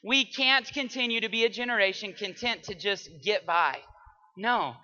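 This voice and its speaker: High, bright young man giving a dramatic speech. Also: moderate pace. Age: young adult. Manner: dramatic, swings between hushed and loud. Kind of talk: memorized persuasive speech. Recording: dull lo-fi recording.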